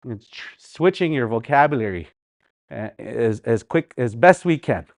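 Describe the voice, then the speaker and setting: A man with a Canadian Dakota community accent, teaching a live online language class in a relaxed, conversational way, repeating example words and going off on friendly asides. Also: medium pitch, normal speed, no echo, clean studio sound. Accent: Canadian Dakota community English.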